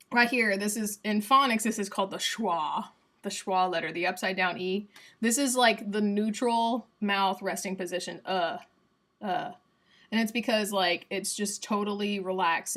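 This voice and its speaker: A woman's voice: medium pitch, fairly bright tone. Chatty Southern US woman teaching sounds. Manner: chatty and playful, demonstrating sounds aloud. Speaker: streamer teaching phonetics. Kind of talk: casual livestream lesson.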